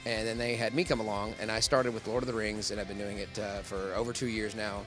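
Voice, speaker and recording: A man's voice: lowish voice, little pitch movement, fast, music in the background. A man who works as a professional voice actor, talking in a casual convention interview, rambling and laughing often.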